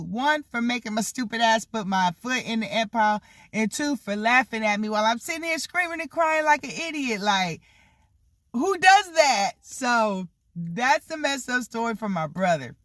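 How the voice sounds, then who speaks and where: A person in their thirties telling childhood stories in a casual vlog, animated and swearing freely, with lots of "like" and "you know". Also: mid-range voice, dry recording, clean studio sound. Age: 30s. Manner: animated, swears freely, acts out the people in the story; heavy use of "like" and "you know" fillers. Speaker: vlogger telling a story.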